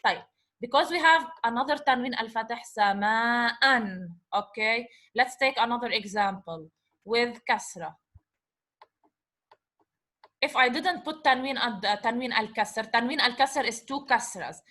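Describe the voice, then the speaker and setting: A woman's voice: fairly high pitch, measured pace, sharp tone. A woman teacher giving a patient lecture, often checking in with "okay?". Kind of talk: classroom lecture.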